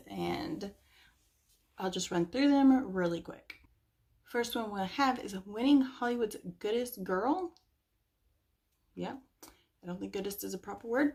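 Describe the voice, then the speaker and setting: A woman's voice: medium pitch, gravelly, a little mellow. A young woman chatting casually about books she recommends, rambling a little with lots of fillers. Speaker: book reviewer. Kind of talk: casual chat.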